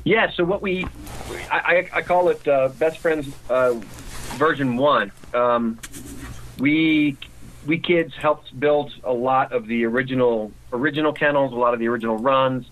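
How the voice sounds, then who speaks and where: A man's voice: mid-range voice, moderate pace, a bit bright, poor audio. A man with a mid-range voice answering as a guest in a casual interview. He talks conversationally and often restarts his sentences.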